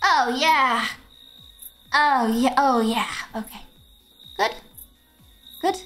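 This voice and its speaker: A young woman streaming a game, chatting casually in an excitable, swearing, stammering way with frequent laughter, and faint game music behind her. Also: high voice, very slow.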